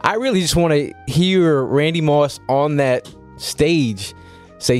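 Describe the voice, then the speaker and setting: A man's voice: on the high side, slow, faint music behind. A man co-hosting a podcast in casual, playful chat, laughing often. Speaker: podcast co-host.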